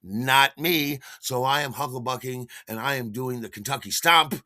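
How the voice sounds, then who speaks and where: Male podcast host, bright tone, animated and enthusiastic storyteller. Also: medium pitch, normal speed, no room sound, studio quality.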